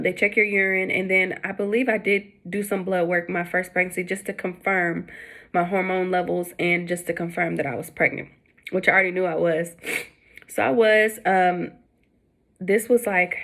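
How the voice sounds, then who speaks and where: A young adult woman casually telling her pregnancy story to the camera, chatty with lots of fillers, jumping high when she acts out what people said. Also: fairly bright tone. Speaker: vlogger.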